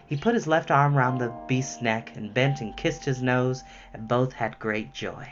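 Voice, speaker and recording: A man reading a children's novel aloud as storyteller, with lively expression. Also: mid-range voice, measured pace, few pauses, music in the background. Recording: slightly muffled lo-fi recording.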